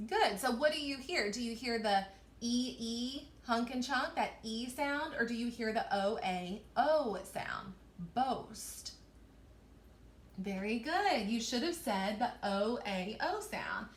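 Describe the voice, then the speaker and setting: A woman teacher giving a recorded online reading lesson to young children, slowly stretching out and sounding out words in a sing-song way. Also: fairly high pitch, lively intonation. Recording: echoey room.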